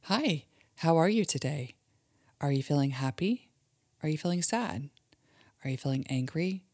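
A woman, a mother hosting a children's show, leads a guided imagery exercise in a gentle, soothing manner and sometimes drops to a soft whisper. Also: deep voice, expressive, moderate pace, no echo, studio quality. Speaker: host and mother leading guided relaxation for kids.

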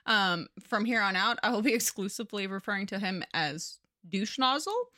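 A woman co-hosting a podcast, recapping a book in casual, profane, animated chat. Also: medium pitch, moderate pace, dry recording, clean studio sound. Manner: chatty, profane, animated storyteller. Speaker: podcast co-host.

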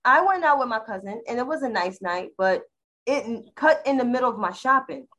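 A woman with a slightly high voice co-hosts a casual podcast. She rants bluntly and profanely, driving home each point with emphatic repetition. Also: animated, fairly quick, a bit bright, rough recording. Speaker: podcast co-host. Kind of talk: casual chat.

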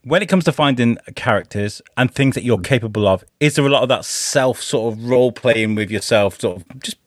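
A man's voice: mid-range voice, a little fast, no echo, studio quality. A man hosting a podcast from his bedroom, chatty and jokey, slipping into little voices. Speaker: podcast host. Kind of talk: casual interview chat.

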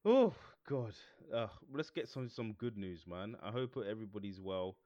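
A man's voice: fairly low pitch, animated, normal speed, warm tone, dry recording, dull audio. A man co-hosting a casual podcast chat, joking around and laughing often. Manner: jokey, mimics people in silly voices, laughs often. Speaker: podcast co-host.

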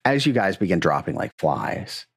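A man's voice: low-pitched, sing-song, normal speed, creaky, husky, dry recording. A man acting as game master, narrating combat and rules in a playful, teasing way. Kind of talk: running a tabletop game.

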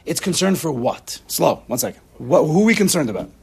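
A man leading an informal Torah class, talking in a rhetorical, animated way and using Hebrew and Yiddish terms. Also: on the high side, a little fast, creaky, breathy edge.

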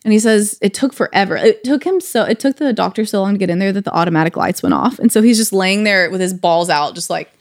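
A woman co-hosting a podcast in casual chat, telling a story with lively quoted voices. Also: mid-range voice, fast, few pauses, no echo, studio quality. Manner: animated storyteller, quotes people in their voices. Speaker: podcast co-host.

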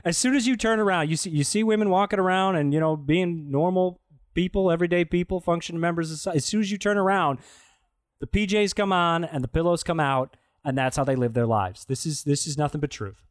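Male podcast co-host, slightly high voice, sarcastic and profane, dry recording. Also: fast talker, dry recording. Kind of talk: casual movie review chat.

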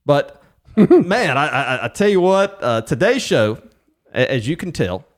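Lively, joking male podcast host. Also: fairly high pitch, unhurried. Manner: animated, jokey, with filler restarts. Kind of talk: casual chat.

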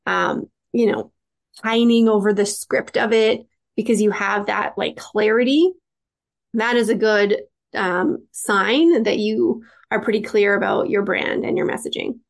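A woman's voice: medium pitch, measured pace, vocal fry. A woman podcast host and branding coach answering interview questions in a chatty way, with lots of "like" fillers. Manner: chatty, frequent "like" fillers, light laughs.

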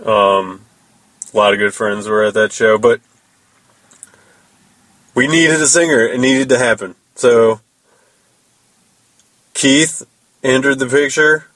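A man's voice: mid-range voice, takes it slowly, long pauses, fairly bright tone, no echo, rough recording. A man hosting a podcast, telling a loose, rambling story about his band and swearing casually. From United States. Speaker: podcast host and metal musician.

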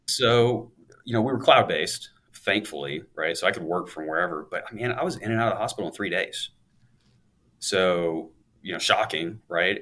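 Speaking in a low, sharp-toned voice, this interview-show guest, a law firm owner in his thirties, recounts his story in a chatty, upbeat way. Now and then he laughs.

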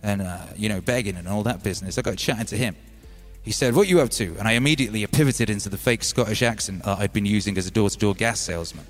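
A man's voice: fairly low pitch, fast. A man with a British accent hosting a music stream, telling stories in a rambling, casual way full of "you know". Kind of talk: casual storytelling.

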